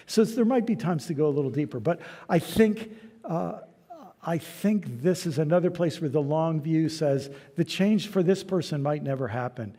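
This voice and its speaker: A man speaking as a guest lecturer, answering questions and telling stories in a relaxed, conversational way in a church hall. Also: a little high, moderate pace. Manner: conversational storytelling, soft trailing endings. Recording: hall reverb.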